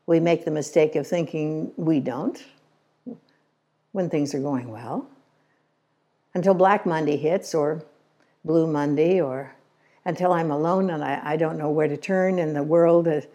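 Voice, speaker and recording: An older woman speaks at a church gathering in a folksy, storytelling way and drops in wry little jokes. Her voice is mellow and warm and sits a bit low. She sometimes stumbles over repeated words when she gets caught up in a story. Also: unhurried, pauses often. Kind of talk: conversational church talk.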